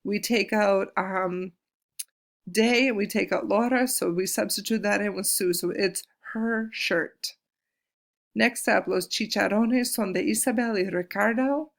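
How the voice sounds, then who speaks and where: Casting note: woman, Spanish teacher, gravelly edge, patient and clear, slows down to model words. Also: mid-range voice. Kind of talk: recorded classroom lesson.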